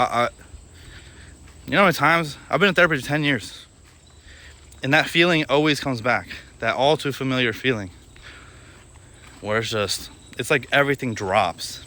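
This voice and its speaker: Flat-voiced young man, halting confessional talk. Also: medium pitch. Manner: flat, halting, self-reflective talk with many restarts. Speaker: video creator. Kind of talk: candid personal vlog.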